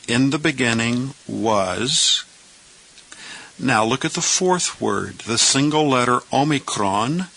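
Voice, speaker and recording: A man teaching letters at a very unhurried pace, leaving pauses between each question and its answer. His tone is bright and forward, and he walks through each point step by step. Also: medium pitch, rough recording. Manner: asks questions, then answers them himself. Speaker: Greek teacher. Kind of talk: slow step-by-step language lesson.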